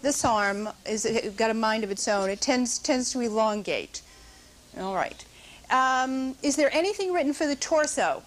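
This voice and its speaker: A woman's voice: on the high side, animated, moderate pace. A middle-aged woman teaching a dance notation class in a studio, coaching dancers and calling counts aloud.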